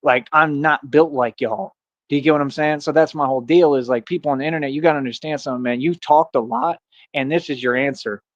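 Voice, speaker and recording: A man's voice: fairly high pitch, fast talker, no echo. A man streaming an unscripted monologue to his viewers, confrontational and insistent, often tossing in "bro" and "you feel me". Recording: dull, dry lo-fi stream audio.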